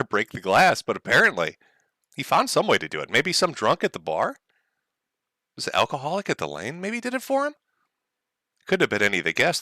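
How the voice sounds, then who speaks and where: A sarcastic male streamer mocks his subject for his chat, with a lively voice that swings up and down. His tone is bright and forward, and the recording is close and dry with no room sound. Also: lowish voice, dry recording. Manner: sarcastic, mocking, often laughing. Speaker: streamer host. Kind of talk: mocking livestream commentary.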